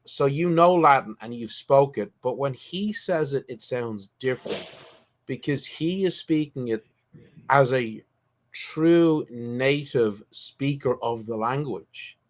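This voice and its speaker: A man running a tabletop role-playing game, narrating scenes in a relaxed way with frequent restarts. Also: mid-range voice, takes it slowly. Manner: relaxed, thinks aloud with restarts. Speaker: game master.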